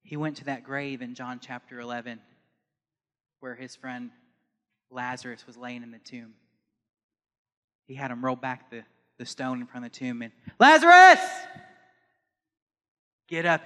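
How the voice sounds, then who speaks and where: A man preaching a sermon to a congregation in a church, moving from calm teaching to loud, impassioned preaching. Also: mid-range voice, moderate pace, pauses often, big-room sound. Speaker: pastor.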